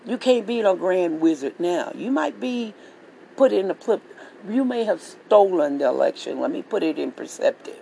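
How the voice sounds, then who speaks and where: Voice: mid-range voice, animated, normal speed, creaky, dark tone, slight background noise, poor audio. A vlogger delivering a heated political rant monologue, swearing freely and repeating phrases for emphasis. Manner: profane, repetitive, heated ranting.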